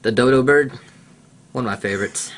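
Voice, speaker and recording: A man's voice: medium pitch, brisk. A man, a pastor, chatting casually over a video call, rambling and breaking into squawking bird imitations.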